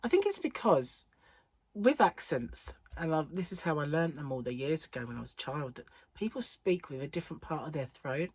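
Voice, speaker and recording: Chatty, giggly woman vlogger, lowish voice. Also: expressive, moderate pace, darkish tone, breathy edge, no echo. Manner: chatty, rambling, laughs often. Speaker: crochet vlogger. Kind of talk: casual chat. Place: home on an English island.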